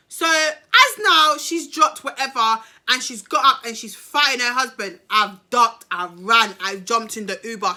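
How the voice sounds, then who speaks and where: A woman vlogger telling a story in a lively, slangy way, acting out the people in it. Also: a little high. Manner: animated, slangy, acts out the people in her story. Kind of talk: storytime vlog.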